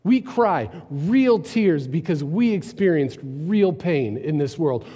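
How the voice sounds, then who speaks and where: A man preaching a sermon in a long-echoing hall, his voice dark and slightly husky. He tells the story at an unhurried pace and sinks at times to near whispers. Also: sits high. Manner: storytelling with dramatic drops to quiet, near-whispered lines. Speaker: pastor. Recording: long reverb in a large hall.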